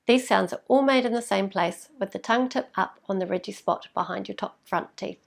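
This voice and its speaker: A woman speech therapist talks parents through a lesson in a patient, clear way, slowing down to model each sound. Her mid-pitched voice carries a gravelly edge of vocal fry. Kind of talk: instructional explanation for parents.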